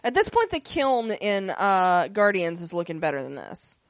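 A woman's voice: medium pitch, big pitch swings, normal speed, dry recording, clean studio sound. Rambling woman recapping a TV episode. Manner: rambling, many fillers, acts out character lines. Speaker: podcast co-host. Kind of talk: casual episode recap chat.

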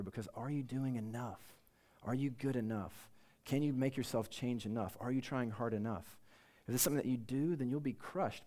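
A man's voice: medium pitch, dark tone. A male pastor delivers a casual, conversational sermon to a room of students. He is earnest but informal, and he pokes fun at himself as he goes. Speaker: campus pastor.

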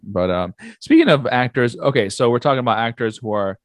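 A man's voice: mid-range voice, expressive, brisk. A man co-hosting a casual podcast, talking in an easygoing way with frequent hesitations and reading news items aloud. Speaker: podcast co-host. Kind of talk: casual chat.

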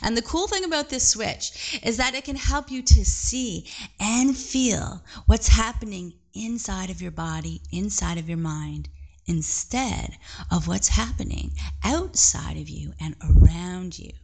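A woman leading a children's mindfulness lesson from her living room, gentle and playful, sometimes dropping to a whisper. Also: medium pitch, lively intonation, a little slow, vocal fry. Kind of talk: guided mindfulness lesson for kids.

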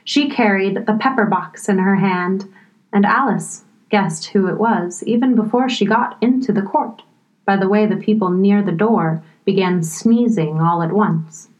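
A woman narrating a storybook in a measured, expressive reading. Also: mid-range voice, rough recording.

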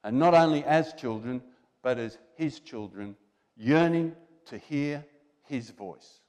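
A man's voice: mid-range voice, takes it slowly, a little mellow. Exhorting male preacher in a reverberant hall. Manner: exhorting, conversational, with rhetorical questions. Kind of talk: sermon. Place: church hall. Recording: long reverb in a church hall.

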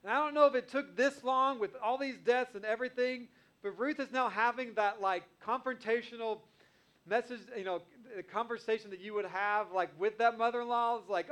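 A man with a notably high voice delivers a sermon. He reads scripture and then retells it in earnest, conversational terms, sounding like a pastor talking plainly to his congregation. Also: moderate pace, a bit bright. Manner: earnest, conversational preaching, paraphrasing scripture in everyday speech.

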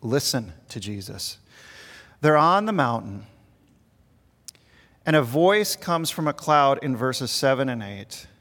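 A middle-aged man, a pastor, preaching a sermon with earnest emphasis that swells and then drops quiet. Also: medium pitch, big pitch swings, slow, pauses often. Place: large church sanctuary. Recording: long reverb of a large hall.

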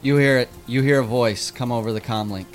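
Playful male game master, vivid narration, mid-pitched. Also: steady tone, a little fast, faint music behind. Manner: vivid, playful, laughing between beats.

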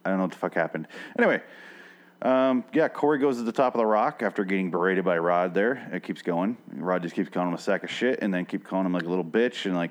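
A man's voice: sits low, fast. A man hosting a podcast, recapping an episode in casual, rambling chat full of swearing. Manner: rambling and sweary, with frequent restarts. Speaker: podcast host.

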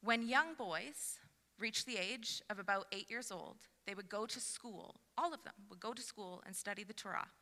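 A woman pastor giving a sermon to her congregation, building from calm reflection to lively, emphatic delivery. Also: medium pitch, normal speed, big-room sound. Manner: expressive, rising to animated emphasis. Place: church sanctuary.

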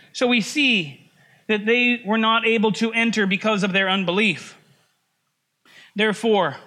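A man preaching a sermon in a relaxed, conversational way, joking and laughing at himself as he goes. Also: high voice. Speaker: pastor.

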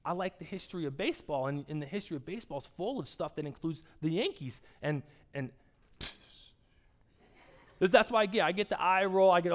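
A man's voice: high-pitched, animated, fast talker. A pastor telling a casual, rambling story during a sermon, often repeating his words as he starts a sentence.

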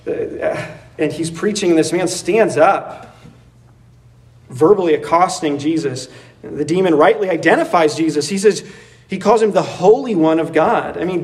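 Man, pastor, sermon, high voice, casual, lively, heard from a little distance. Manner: conversational, animated, acts out voices with laughs. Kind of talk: expository sermon.

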